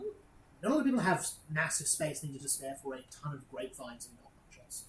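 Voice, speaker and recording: A woman's voice: sits low, big pitch swings, quick pace. A woman narrating as game master of a tabletop game, describing scenes with frequent ums and restarts. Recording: roomy echo with faint noise.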